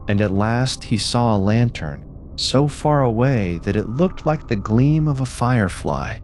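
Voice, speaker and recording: A man narrating classic ghost stories for sleep in a measured, expressive reading. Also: lowish voice. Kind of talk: storytelling for sleep.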